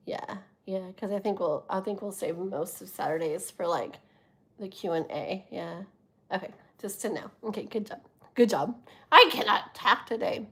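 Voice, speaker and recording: A middle-aged woman hosting a live tarot stream, chatting casually with viewers in a rambling way with many fillers. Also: medium pitch. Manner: chatty, rambling, lots of fillers, laughs often.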